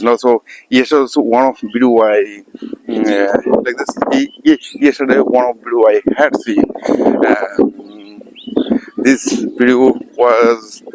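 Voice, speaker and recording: Man, Bengali accent, native Bengali speaker, halting casual monologue, lots of ums and restarts, mid-pitched voice. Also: rough recording. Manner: halting, many fillers and repeated restarts. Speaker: English learner vlogger. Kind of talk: casual monologue practicing spoken English.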